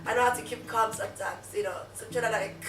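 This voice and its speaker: Chatty South African woman, bright echoey voice. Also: mid-range voice, steady tone, fast talker, recorded from a distance. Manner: chatty, frequent fillers and laughs. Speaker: YouTuber. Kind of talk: casual storytime chat. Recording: echoey room, off-mic, faint music.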